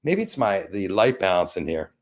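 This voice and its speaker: A middle-aged man with a deep voice hosts a casual live stream, very animated at a moderate pace. He rambles while thanking viewers by name and plugging sponsors.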